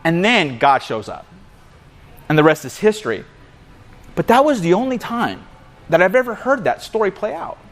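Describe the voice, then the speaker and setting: A man's voice: high voice, sing-song, normal speed, long pauses. A man giving a casual sermon at a men's breakfast in a coffee shop, telling a story with lots of animation and often calling his listeners "man.". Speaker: guest speaker at a men's breakfast.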